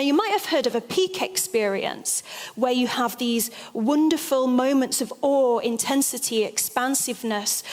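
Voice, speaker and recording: A woman giving a stage talk, telling stories in a lively, emphatic way. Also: high-pitched. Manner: lively, animated storytelling with emphatic phrasing. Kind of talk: storytelling lecture. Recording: long hall reverb.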